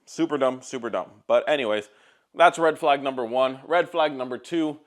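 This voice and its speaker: A man's voice: medium pitch, normal speed. A man who makes car videos, ranting casually to camera in a blunt, profane, exasperated storytelling style. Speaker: car YouTuber.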